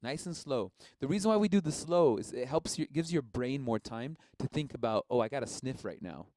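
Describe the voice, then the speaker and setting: A man's voice: medium pitch, expressive, brisk, dark tone. A man casually teaching a live-streamed music lesson, encouraging and explaining each step plainly.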